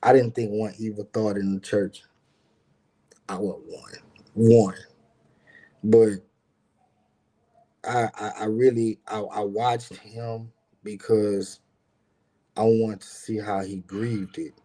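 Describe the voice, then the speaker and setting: A man's voice: fairly low pitch, little pitch movement, takes it slowly, pauses often, dark tone. A man telling a personal story in casual talk, rambling and repeating words, acting out the people he quotes. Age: adult with grown son.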